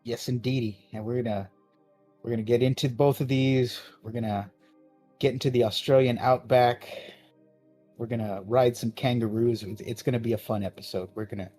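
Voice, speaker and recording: A man's voice: mid-range voice, steady tone, moderate pace, warm tone, breathy edge, faint music behind. A man co-hosting a casual podcast, trading crude jokes and banter. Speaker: podcast co-host.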